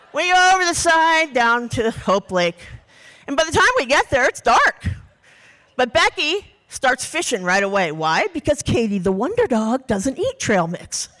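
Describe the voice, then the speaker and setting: Animated woman telling a comic true story. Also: on the high side. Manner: animated and comic, acting out her own story; swears casually. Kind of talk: live personal storytelling without notes.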